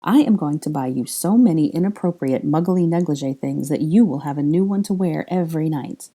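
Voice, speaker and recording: A woman's voice: deep voice, brisk, warm tone. A woman doing a haughty young wizard nobleman. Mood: teasing. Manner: formal, clipped, mock-stern phrasing. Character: haughty, teasing young aristocratic wizard man.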